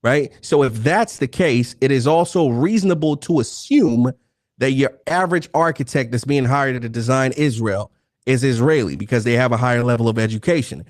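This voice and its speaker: A man hosts a heated online debate, blunt and full of swearing, pressing on over anyone who cuts in. His voice sits at an ordinary male pitch, and the sound is dry and close with no room around it. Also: moderate pace, dry recording. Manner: blunt, profane, talks over interruptions. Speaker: debate stream host.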